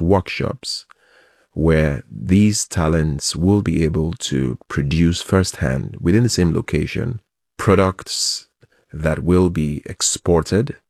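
A man, a project founder giving measured, expansive interview answers. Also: a bass voice, vocal fry, a little mellow, dry recording, clean studio sound.

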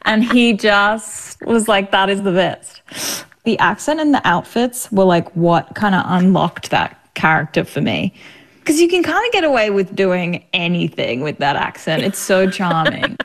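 A woman's voice: mid-range voice, expressive, a little slow. An Australian woman in her thirties, an actress chatting as a guest in an interview, talking freely with frequent laughter. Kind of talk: casual interview.

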